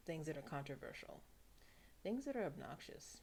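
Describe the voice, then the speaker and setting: A woman from New York talking casually to camera, chatty and wry, slipping into soft asides. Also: sits low, lively intonation, fairly quick, gravelly, a little hiss or hum. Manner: chatty, wry, drifts into soft asides and playful put-on voices. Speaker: vlogger.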